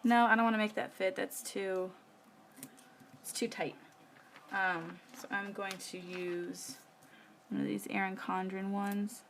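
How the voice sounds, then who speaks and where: A woman's voice: mid-range voice, steady tone, unhurried, pauses often, fairly bright tone, slight background noise. A woman, chatting casually while she works on her planner during a live stream, rambling with many fillers. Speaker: planner vlogger. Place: home.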